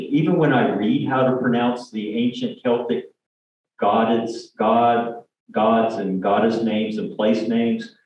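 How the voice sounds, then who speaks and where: A man's voice: mid-range voice, a little mellow. A man giving a rambling church presentation, full of fillers, restarts and jokey asides. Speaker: lay speaker. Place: church hall. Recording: distant mic, echoey sanctuary, dull lo-fi sound.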